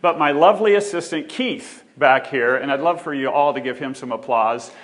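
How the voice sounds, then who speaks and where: A man's voice: mid-range voice, normal speed. Guy doing a conference talk in a theater, cracks jokes, keeps walking around while he talks. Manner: joking, animated, walks while speaking. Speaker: conference speaker. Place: theater stage.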